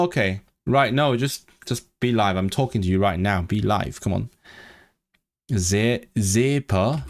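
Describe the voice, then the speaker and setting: A man chatting casually on a live stream, thinking aloud and eagerly sounding out foreign words. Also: lowish voice. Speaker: language-learning streamer.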